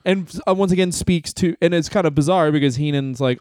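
A man's voice: medium pitch, steady tone, brisk, hardly any pauses, no echo. A man co-hosting a comedy podcast, talking in a rambling, crude, laughing way. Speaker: podcast co-host. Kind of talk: casual comedy podcast chat.

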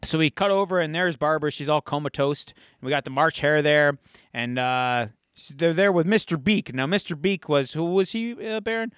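Podcast guy, high bright voice, animated storytelling recap, dry close mic. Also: normal speed, clear, resonant tone, dry recording. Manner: animated storytelling, acting out quotes. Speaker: podcast host. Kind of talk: casual episode recap.

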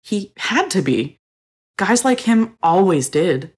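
A woman narrating a story in a measured, expressive reading. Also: medium pitch, husky.

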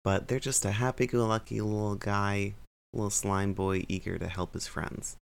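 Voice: sits low, flat delivery, normal speed, gravelly, smooth. A cheerful player describing a slime character in a tabletop game. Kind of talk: casual chat introducing a tabletop character.

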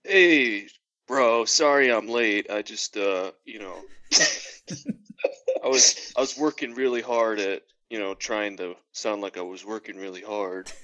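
A man doing a comedic impression of his cohost as a lazy, laid-back bro who drawls slowly through fillers. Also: fairly low pitch, sharp tone, muffled recording. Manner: slow drawl, rambling with fillers.

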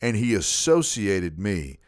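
A man hosting a podcast, telling a story in a casual, animated way with frequent repeats. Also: on the low side, slow pace, clean tone, no echo, clean studio sound. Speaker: podcast host.

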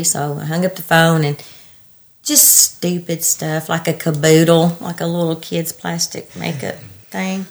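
Woman retelling a frightening escape. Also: sits low. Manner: halting, breathless retelling with restarts and laughter. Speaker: interviewee. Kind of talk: personal storytelling.

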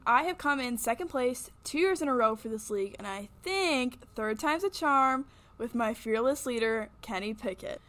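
A woman's voice: fairly high pitch, expressive, normal speed, a bit bright. A young woman hosting a sports podcast, reading a scripted weekly recap with chatty, candid asides. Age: young adult. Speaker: podcast host.

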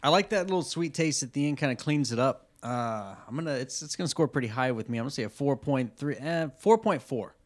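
An easygoing man speaks quickly on a casual podcast as he judges a beer. His pitch is in the middle range. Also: animated. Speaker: podcast guest.

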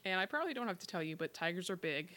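A woman hosting a podcast, telling facts in a relaxed, explanatory way with frequent laughs. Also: on the low side, rapid-fire. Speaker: podcast host telling the story. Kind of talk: casual chat.

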